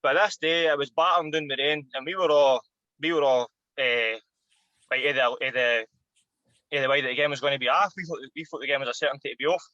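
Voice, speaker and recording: A Scottish man in his thirties, a former footballer and podcast guest, telling an animated, sweary anecdote. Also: medium pitch, fast, no echo, dull audio. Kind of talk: casual storytelling.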